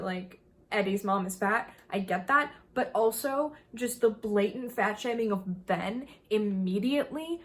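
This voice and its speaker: A woman talking to camera in a casual review vlog, ranting in an animated, exasperated way. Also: on the high side. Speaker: video creator.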